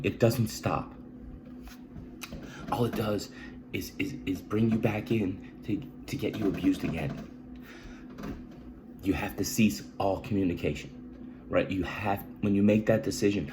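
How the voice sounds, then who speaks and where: A man giving earnest advice, emphatic and repetitive, often asking "right?" and clearing his throat between halting restarts. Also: low voice, steady tone, background noise. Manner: emphatic, repeats key phrases, says "right?" often. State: emotional. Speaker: vlogger sharing personal experience. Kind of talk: earnest direct-to-camera advice talk.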